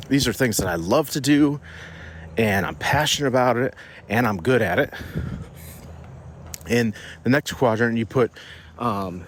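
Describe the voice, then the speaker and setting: A man's voice: mid-range voice, a little hiss or hum. A man hosting a casual business podcast while on a morning walk outdoors, a bit out of breath, talking in a loose, rambling way with restarts. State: slightly out of breath from walking. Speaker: podcast host.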